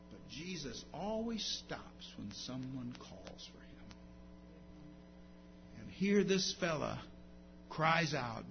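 A man preaching a sermon, moving from quiet explanation to loud, emphatic declarations. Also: mid-range voice, very animated, slow, creaky, long pauses. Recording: dull lo-fi sound with faint hum.

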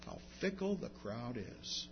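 A man preaching a sermon, moving from quiet explanation to loud, emphatic declarations. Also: medium pitch, big pitch swings, unhurried, creaky. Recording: dull lo-fi sound with faint hum.

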